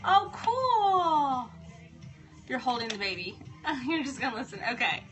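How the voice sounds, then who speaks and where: A woman's voice: fairly high pitch, expressive, quick pace, pushed and bright, faint music behind. A woman hosting a casual live stream from home, chatting and greeting viewers by name. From Ohio.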